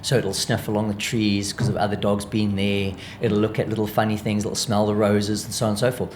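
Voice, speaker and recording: A man's voice: lowish voice, a little fast, slight background noise. A man with a South African accent, an animal behaviourist guest, explaining dog training in an interview and acting out what dogs think. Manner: lively, acts out dog thoughts in voices.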